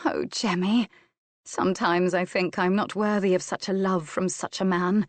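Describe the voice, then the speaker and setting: A woman's voice: fairly low pitch, level tone, moderate pace, no room sound, lightly acted. A woman voicing Jasmine, a spirited, imperious young noblewoman who speaks with passion. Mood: ardent. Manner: imperious and impassioned.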